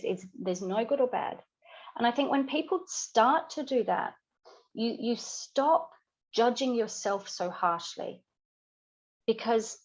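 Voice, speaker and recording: A woman guest who coaches business builders explains her ideas earnestly in a reflective podcast conversation, sprinkling in many "you know" asides. Her voice is fairly high with a darkish tone, and the audio sounds dull.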